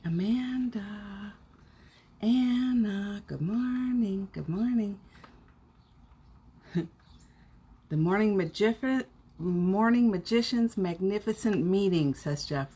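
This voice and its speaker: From her home, a middle-aged woman hosts a casual morning live stream, cheerfully chatting and greeting viewers by name. Her voice is medium-pitched, mellow and husky, and she speaks slowly.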